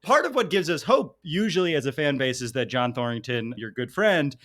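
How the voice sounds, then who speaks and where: A man's voice: a little high, lively intonation, normal speed, a bit bright. A man hosting a casual podcast interview, asking long, rambling questions with jokes and frequent laughs. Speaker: podcast host.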